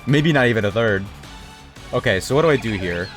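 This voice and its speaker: An excitable male streamer talks his way through a video game, his pitch swinging widely as he chats. He drops into mumbled asides, then jumps into sudden high yelps at surprises. Faint game music plays softly behind him. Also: fairly quick. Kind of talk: casual live-stream chat.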